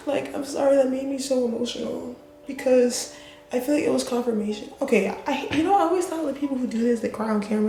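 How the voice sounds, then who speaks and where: Chatty woman vlogger with gravelly edge. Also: high voice, fast, mellow. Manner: chatty and emotional, addresses viewers as y'all. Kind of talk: casual vlog talk to camera. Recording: echoey room with faint music.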